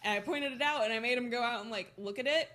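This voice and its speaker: A young woman co-hosting a casual podcast, telling a story with lively, profane energy. Her voice sits a little high and sounds bright and sharp. She acts out the other people in her story as she goes. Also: quick pace. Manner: animated, swearing, laughing storyteller. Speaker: podcast co-host.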